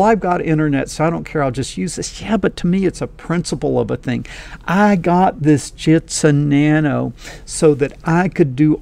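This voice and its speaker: Gravelly, folksy man teaching code. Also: a little high, a little mellow. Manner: folksy, enthusiastic, talks straight to viewers. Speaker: coding teacher. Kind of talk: casual screen-recorded lesson.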